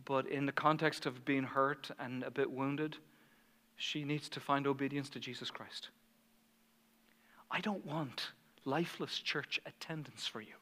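A man preaching a sermon as pastor, telling stories animatedly and swinging from hushed asides to fired-up passion. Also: medium pitch, fairly even intonation, a little slow, big-room sound.

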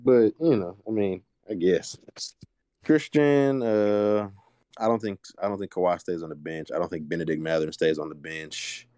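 A man co-hosting a podcast, talking basketball in a laid-back way with drawn-out fillers. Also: low voice, dark tone, dry recording, studio quality. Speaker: podcast co-host. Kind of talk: casual sports chat.

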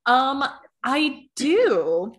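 A woman's voice: sits high, sing-song, drawn-out words. A young woman co-hosting a podcast, chatting casually and agreeably with lots of "like" fillers. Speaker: podcast co-host. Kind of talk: casual chat.

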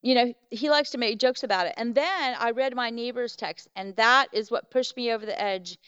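A woman tells a story in lively, casual fashion, slipping into the voices of the people she quotes. Her voice sits a bit high and sounds very smooth and clean. The recording is dry and somewhat dull. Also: normal speed, no echo. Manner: animated, acts out quoted voices. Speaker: podcast guest, Bigfoot researcher.

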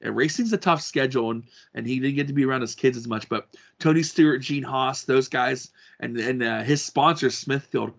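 A man's voice: medium pitch, normal speed, gravelly, hardly any pauses. A man co-hosting a podcast, chatting casually about motor racing, rambling with many restarts and fillers. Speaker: podcast co-host. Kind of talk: casual sports chat.

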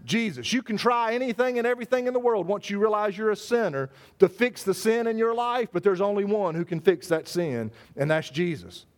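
A man preaching a sermon, stressing his words, repeating phrases and slowing down on scripture. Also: high voice. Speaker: pastor. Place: church service.

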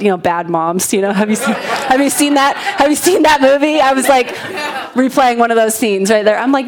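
Woman pastor, 30s, animated and talky, keeps asking the congregation questions; slightly higher voice. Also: moderate pace. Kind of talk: conversational sermon with personal stories.

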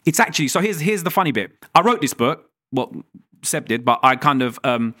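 A man, a guest at a live podcast event, telling stories in lively, slangy chat. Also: medium pitch, no echo, studio quality. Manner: animated storyteller, slangy, fast chatter. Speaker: guest, dentist. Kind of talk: casual live interview chat.

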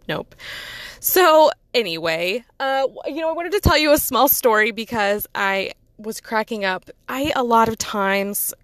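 A woman's voice: fairly high pitch, fairly bright tone, no room sound. A woman, chatting casually and rambling, laughing often at herself. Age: 30s. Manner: giggly, rambling, self-deprecating. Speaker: podcast host. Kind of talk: casual personal chat.

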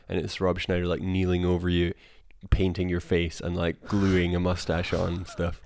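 A man's voice: sits low, completely flat delivery, normal speed, hardly any pauses, a little mellow, no room sound. A man co-hosting a podcast in loose, rambling, profane casual chat. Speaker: podcast co-host. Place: indoor room.

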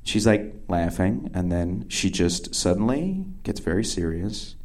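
A man's voice: low voice, lively intonation, unhurried, a little mellow. A young man doing stand-up storytelling in a rambling, self-deprecating way, full of restarts and acted-out quotes of himself. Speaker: stand-up comedian.

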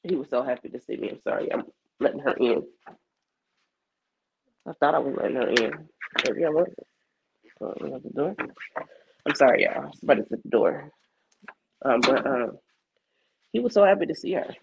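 A hoarse woman in her forties with a fading voice and a cough, talking candidly and reflectively in her personal video journal. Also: very deep voice, animated, moderate pace, long pauses, highs cut off, background noise. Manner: candid, rambling, colloquial, reflective. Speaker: psychic medium keeping a video journal.

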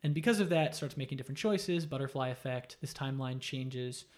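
Speaking briskly in a mid-range voice, a man gives a loose, profane, animated retelling of a video game's story, voicing the characters' quotes as he goes.

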